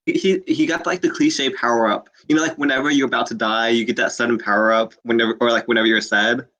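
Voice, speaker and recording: A man's voice: medium pitch, fairly even intonation, quick pace, pushed and bright. A young man, a student club officer, chatting casually with blunt, short answers. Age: young adult. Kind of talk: casual chat.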